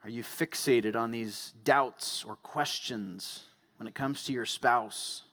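A male pastor giving a sermon in a measured way, asking a string of searching rhetorical questions before a closing prayer. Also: mid-range voice, pushed and bright.

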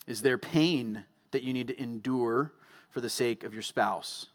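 Guy pastor preaching, lots of questions, measured, mid pitch. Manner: searching rhetorical questions, measured. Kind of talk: sermon and closing prayer.

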